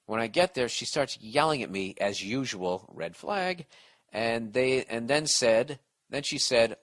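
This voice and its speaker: A man's voice: medium pitch, animated, measured pace, a bit bright. A middle-aged man hosting a podcast, ranting and giving advice in a profane, exasperated, sarcastic way. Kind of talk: ranting comedic podcast monologue.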